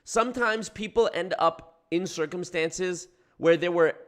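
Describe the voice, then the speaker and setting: A man in his twenties commenting sarcastically on a clip, his voice somewhat higher than average. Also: a little slow, clean tone. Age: 20s. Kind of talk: reacting to a clip.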